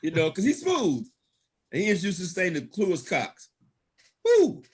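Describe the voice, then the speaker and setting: Male guest speaker, somewhat high, husky voice; lively motivational storyteller, folksy, with frequent laughter and praise. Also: moderate pace. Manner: animated, laughs often, preacher-like praise and call-outs. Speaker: guest speaker at a business opportunity event.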